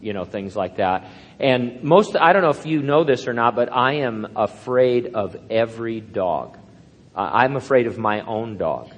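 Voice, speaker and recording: An older man, a pastor, preaching a sermon in a rambling, anecdotal way with self-deprecating humor. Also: fairly low pitch. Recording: long hall reverb.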